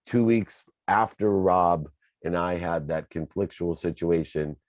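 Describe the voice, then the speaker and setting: A man with an extremely low, mellow voice tells his own story as a motivational talk. He speaks earnestly and with emphasis, stacking his points in repeated lists. The sound is dry and close, with no room around it. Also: unhurried, no echo.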